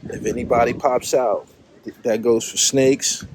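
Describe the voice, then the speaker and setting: A slightly winded man talks straight into his phone while hiking an outdoor trail, his manner blunt, profane and joking. Plenty of background noise rides under his mid-pitched voice. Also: steady tone, unhurried. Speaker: vlogger host. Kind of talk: casual travel vlog.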